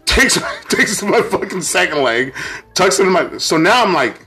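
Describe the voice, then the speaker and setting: Lively young man telling a story. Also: high voice, measured pace, breathy edge. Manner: animated, laughing through his own story, acts out quotes. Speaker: podcast co-host. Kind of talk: casual storytelling chat.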